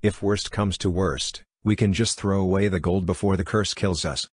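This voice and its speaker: A man's voice: low voice, fairly even intonation, moderate pace, a little mellow, breathy edge, no room sound, studio quality. A male audiobook reader voicing greedy, bold male pirates who talk in a blustering, persuasive way. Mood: eager. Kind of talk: audiobook character reading.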